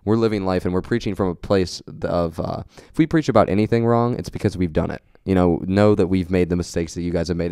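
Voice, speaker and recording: Young male co-host, deep mellow voice, earnest rambling motivational chat, dry close mic. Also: gravelly, dry recording. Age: young adult. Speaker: podcast co-host. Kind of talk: casual chat.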